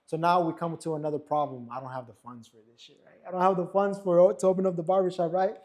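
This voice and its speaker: A man's voice: on the high side, fast. A young man telling a story in a barbershop, casually, and acting out what others said. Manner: animated, acts out quotes of others. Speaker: barber and podcast co-host.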